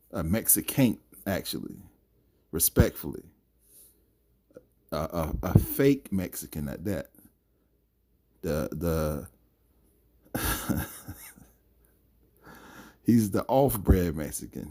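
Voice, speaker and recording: A man's voice: deep voice, dark tone. A man giving his opinion in a solo boxing commentary vlog, emphatic and rambling with fillers.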